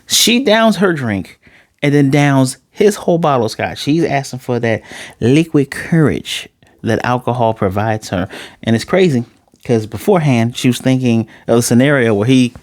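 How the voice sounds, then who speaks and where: A man's voice: mid-range voice, animated, normal speed, no room sound, studio quality. A young man recapping and reviewing an anime episode in a loose, joking, slangy way, swearing freely.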